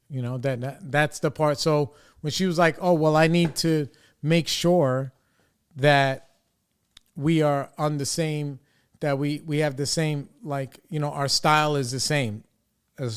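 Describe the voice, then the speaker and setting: A man's voice: on the high side, fairly even intonation, normal speed, clear, resonant tone. A young man hosting a podcast, telling a frustrated story in a casual, profane way and quoting others in his own voice. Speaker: podcast host.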